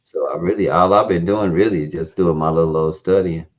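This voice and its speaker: A man's voice: sits low, a little fast. A man hosting a live stream, chatting casually and telling loose, rambling stories. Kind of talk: casual chat. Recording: dull lo-fi stream audio.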